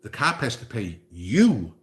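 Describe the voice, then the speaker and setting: A man's voice: medium pitch, huge pitch swings, a little slow, a bit bright. A man hosting a casual livestream, reading viewer comments and chatting, with frequent "okay?" asides. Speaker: livestream host reading chat.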